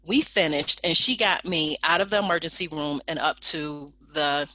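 A woman telling a personal story in a lively storytelling manner, acting out the people in it with raised voices. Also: deep voice, moderate pace. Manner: animated, acts out quoted people in raised voices.

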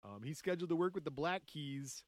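A man's voice: fairly high pitch, expressive, brisk, dry recording. A man hosting a podcast, telling a story in casual chat, joking and laughing often.

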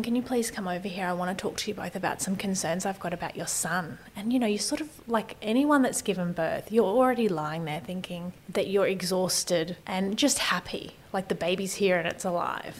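A woman in her thirties recounts her own story in a candid, conversational way. Her voice sits at a middle pitch and often drops to a breathy near whisper. A faint background hiss runs under the recording. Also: low-quality recording. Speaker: guest telling her story. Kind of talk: personal storytelling.

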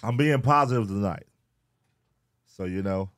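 A man's voice: lowish voice, unhurried, fairly bright tone. A man co-hosting a casual podcast, laughing a lot and retelling what others said in mock voices. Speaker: podcast co-host. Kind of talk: casual banter.

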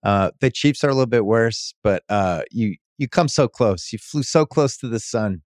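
A man's voice: lowish voice, lively intonation, normal speed, darkish tone, no echo, clean studio sound. Easygoing male podcast host. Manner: easygoing, teasing, asks long questions. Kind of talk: casual sports chat.

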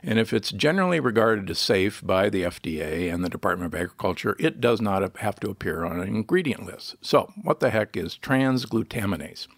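A man with a low, gravelly voice speaks as an interview guest. He lectures emphatically and leans on key points. The sound is close and dry. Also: expressive, fairly quick, hardly any pauses, a bit bright, no room sound. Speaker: guest physician and author. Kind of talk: podcast interview, explaining.

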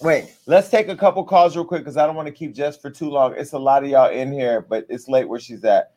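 A man's voice: mid-range voice, fairly quick, warm tone. A man hosting a casual late-night call-in show, loose and joking as he steers the callers. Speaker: host.

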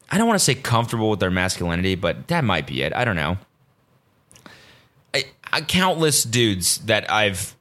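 A man's voice: medium pitch, pushed and bright. A man hosting a solo podcast, rambling casually and swearing freely as he tells stories. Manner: profane, rambling, self-mocking. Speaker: podcast host.

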